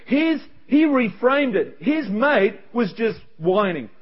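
A man preaching in a high, bright-pitched voice, lively and animated, slipping into quoted voices as he goes. The recording is dull and lo-fi. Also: slightly rough. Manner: animated, acts out quoted voices, quick asides. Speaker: pastor. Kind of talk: sermon. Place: church service. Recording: dull lo-fi sound.

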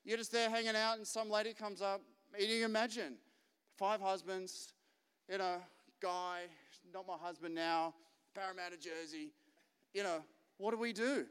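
Male pastor, joking storyteller, fairly high voice, smooth tone, long hall reverb. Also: steady tone, moderate pace, a bit bright. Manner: chatty, joking, acts out quotes. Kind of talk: lively sermon with anecdotes. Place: large church hall. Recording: live church recording with long reverb.

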